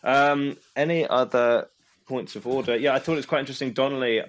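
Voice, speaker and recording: An Englishman, co-hosting a podcast in casual chat, rambling and halting with many restarts. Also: medium pitch. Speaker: podcast co-host. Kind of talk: casual chat reviewing a quiz show.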